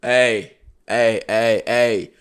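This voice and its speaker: A man reacts to videos in a casual, hyped way, repeating his catchphrases over and over. His voice is mid-pitched, and his talk drifts loosely between comments. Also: fairly even intonation, slight background noise. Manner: repetitive hype catchphrases, drawn-out asides. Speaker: reaction channel host.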